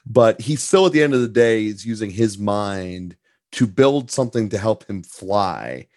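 A man from Pittsburgh answering interview questions in a relaxed, easygoing way, with fillers. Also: on the low side, measured pace, no echo, studio quality. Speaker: podcast guest, entrepreneur.

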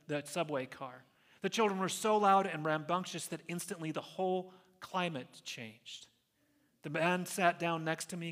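A man's sermon voice, pitched a little above the usual male range, carried by the long reverb of a large church sanctuary. He tells stories earnestly and slows down to stress key phrases. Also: a bit bright. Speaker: pastor.

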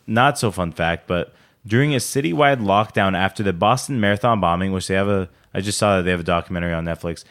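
Low-voiced rambling young podcast host. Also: male voice. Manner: filler-heavy, rambling. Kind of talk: casual podcast chat.

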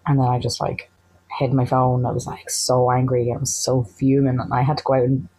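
An Irish woman telling a personal anecdote in a chatty, animated way, acting out the lines of the people in it. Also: extremely low pitch, fairly quick, poor audio. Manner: chatty, animated, acts out quoted dialogue. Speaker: storyteller.

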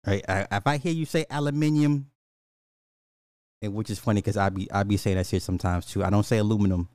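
A man from Illinois, a podcast host, ranting casually in a profane, laughing, animated way. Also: lowish voice, fast talker, no room sound, studio quality. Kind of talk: casual comedic rant.

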